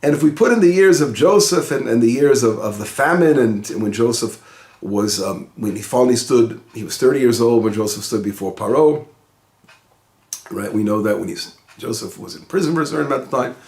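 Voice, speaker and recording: A man's voice: medium pitch, fairly quick, darkish tone, reverberant. A man, a rabbi, giving an informal lesson on the weekly Torah portion in a conversational way, often restarting and stressing key words. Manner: conversational, with frequent restarts and rising emphasis.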